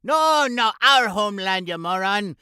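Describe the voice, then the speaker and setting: A man voicing a high-pitched, cranky male sidekick who bosses his partner around in a comic podcast intro. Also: very animated, moderate pace, smooth, no echo, studio quality, exaggerated voice. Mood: bossy. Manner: bossy, sharp-tongued banter. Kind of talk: comic radio sketch intro.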